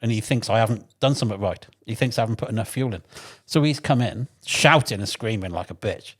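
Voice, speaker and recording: An English man telling lively, swear-filled anecdotes from his mechanic days in a casual podcast chat. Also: fairly low pitch, fast talker. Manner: animated anecdotes, swears freely, acts out shouted quotes.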